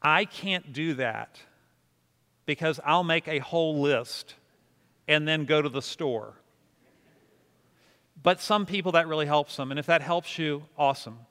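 Unhurried and pausing often, a pastor with a fairly high, sharp voice teaches his congregation to pray. He keeps a casual, self-deprecating tone and asks them to repeat words with him, while the hall adds a long reverb.

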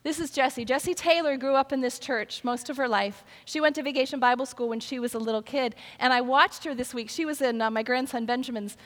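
A woman's voice: high voice, brisk, few pauses, a bit bright. An older woman preaching a sermon, telling stories in a conversational way and acting out the voices of the people in them. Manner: storytelling, conversational, acts out quoted voices. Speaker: pastor. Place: large church sanctuary. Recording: long hall reverb.

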